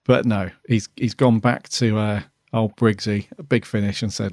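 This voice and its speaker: A man's voice: fairly low pitch, steady tone, normal speed, a little mellow, no echo, studio quality. A man co-hosting a casual podcast, jokey and chatty, laughing often and restarting sentences. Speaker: podcast co-host.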